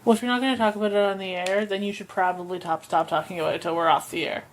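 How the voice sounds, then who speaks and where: A woman's voice: lowish voice, fairly even intonation, racing, a little hiss or hum. A tired woman co-hosting a podcast in casual chat, sassy and playful. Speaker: podcast co-host.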